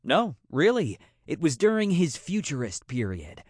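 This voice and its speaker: A wry, restless man, bored and always joking, as a male narrator plays him, speaks in a lively, up-and-down voice at an unhurried pace. The audiobook recording is dry and close. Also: on the high side, husky, no echo, heavily acted. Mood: teasing.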